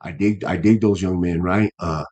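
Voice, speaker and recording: A man's voice: low voice, steady tone, moderate pace, a little mellow. A man in his fifties, a guest boxer in a casual interview, talking earnestly with many restarts and fillers. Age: 50s.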